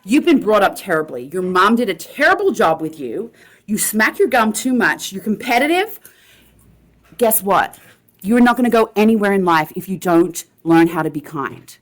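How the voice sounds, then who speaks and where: A woman's voice: mid-range voice, sing-song, moderate pace. A woman improvising a comedy sketch, bossily scolding and lecturing with frequent laughs. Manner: bossy, scolding, laughs a lot.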